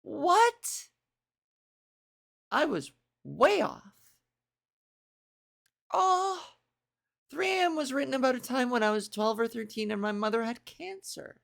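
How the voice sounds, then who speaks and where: Gravelly-voiced chatty woman. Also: fairly high pitch, lively intonation, slow, pauses often. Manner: chatty, self-mocking, swears, reads aloud and reacts. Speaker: video creator. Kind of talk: casual reaction commentary.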